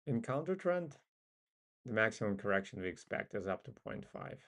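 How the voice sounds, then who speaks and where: A man's voice: lowish voice, big pitch swings, moderate pace, fairly bright tone. A man with a non-native English accent hosts a casual live trading stream. He muses and thinks aloud with frequent ums. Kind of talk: casual live market commentary.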